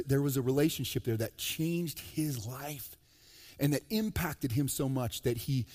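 In a church sanctuary, a pastor with a slightly high male voice delivers a sermon, animated and quick with a joke. He alternates between loud, emphatic lines and quiet, low asides, his words fading into the long reverb of a big hall.

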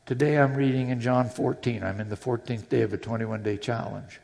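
A man's voice: mid-range voice, steady tone, a little fast, gravelly, a little mellow. A man preaching a sermon in a church, earnest and personal, with readings from scripture. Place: church sanctuary. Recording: long hall reverb.

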